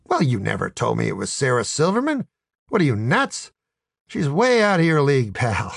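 A man voicing a shifty, wheedling male devil who talks in fast salesman patter, in a comic storybook reading. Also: medium pitch, wildly swooping pitch, gravelly, no echo, clean studio sound, heavily acted. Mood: scheming. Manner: fast-talking salesman patter, fawning when scolded.

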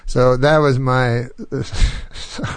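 A man's voice: medium pitch, little pitch movement, extremely slow, clean tone, dry recording. A man and comedian guest telling rambling anecdotes in casual chat, chuckling and slipping into voices. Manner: rambling anecdotes full of impressions and laughter. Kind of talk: casual storytelling.

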